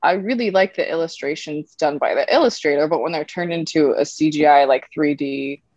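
A woman's voice: sits low, fairly quick, a little mellow, no room sound. A woman talks frankly on a podcast, sharing strong opinions in a casual tone. The recording sounds dull and muffled, and the room is dry. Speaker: podcast co-host. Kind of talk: casual chat.

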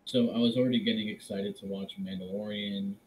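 Low-ish guy on a podcast, casual chat, lots of ums and likes, faint noise behind. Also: fairly even intonation, fairly quick, a little mellow, low-quality recording. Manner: hesitant, full of fillers and restarts. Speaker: podcast co-host.

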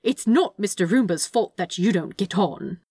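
A woman's voice: mid-range voice, animated, normal speed, warm tone, slightly rough, no room sound, clean studio sound. A woman reading aloud and voicing a fussy, doting male angel who tuts primly and stays unbothered. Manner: prim, tutting, affectionate.

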